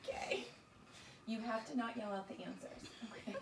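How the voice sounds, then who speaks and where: A woman's voice: on the high side, normal speed, gravelly. Upbeat woman teacher in an echoey room. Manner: upbeat, encouraging, calls the children "friends". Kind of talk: teaching a small-group lesson. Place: indoor room with children nearby. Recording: roomy, distant, noisy.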